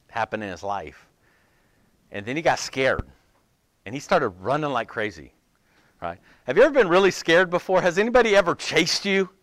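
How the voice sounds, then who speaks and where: A man giving a casual, chatty sermon as a pastor, his voice sitting a little high. He swings between animated storytelling and hushed, near-whispered asides. The sound is close and dry. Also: no echo. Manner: animated and conversational, dropping to a near whisper at times.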